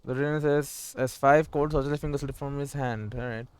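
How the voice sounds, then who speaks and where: A man casually playing a video game, reading its text aloud and adding dry, wry, deadpan remarks. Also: mid-range voice, brisk, smooth. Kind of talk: casual let's play commentary.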